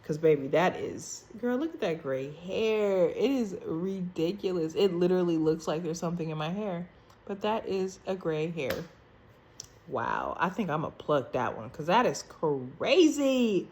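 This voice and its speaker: A woman's voice: on the low side, expressive, measured pace, darkish tone. A young woman telling a dating story over a phone video call in a candid, chatty, profane way, calling her listener "girl" and "baby". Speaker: storytime vlogger.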